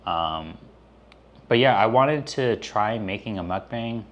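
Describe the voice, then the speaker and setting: A man's voice: fairly low pitch, expressive, slow, lo-fi sound. A man vlogging casually while eating, talking hesitantly with many fillers and restarts. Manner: hesitant, full of um and like. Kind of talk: casual mukbang vlog chat.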